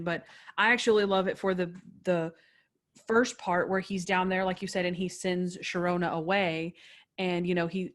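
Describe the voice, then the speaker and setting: A woman hosting a podcast, chatting enthusiastically and acting out quoted lines. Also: medium pitch. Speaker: podcast host. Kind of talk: casual podcast chat.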